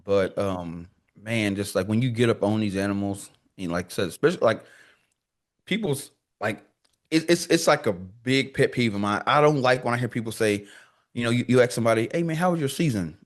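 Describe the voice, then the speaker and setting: Fairly low in pitch and slightly fast, this male podcast guest chats in a laid-back, slangy manner. He's an animated storyteller who performs the dialogue he quotes.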